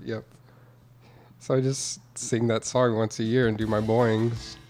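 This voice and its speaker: A giggly young man guesting on a comedy podcast, playful and full of silly noises. His voice sits a little low, and clear music plays behind him the whole time. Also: little pitch movement, a little slow. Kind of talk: casual comedic podcast banter.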